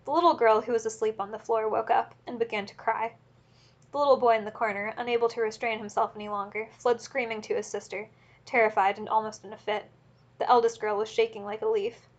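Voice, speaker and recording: A woman narrating a classic novel as an audiobook in a steady, measured reading. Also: on the high side, lo-fi sound.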